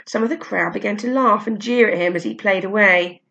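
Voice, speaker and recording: A woman reading a children's story aloud in a steady, expressive way. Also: mid-range voice, brisk, vocal fry, lo-fi sound. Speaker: narrator.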